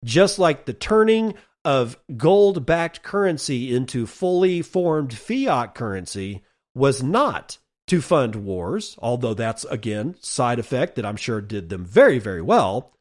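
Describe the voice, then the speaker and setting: A man's voice: medium pitch, sing-song, slow pace. A man hosting a solo podcast, reading out numbers and listener messages and ranting casually and bluntly, with some swearing. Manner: reads listener messages and figures aloud. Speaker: podcast host.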